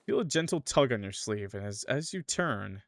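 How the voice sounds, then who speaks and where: A man's voice: mid-range voice, lively intonation, normal speed, no echo. Man reading horror visual novel aloud. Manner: dramatic narration broken by casual joking asides. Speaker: gaming streamer.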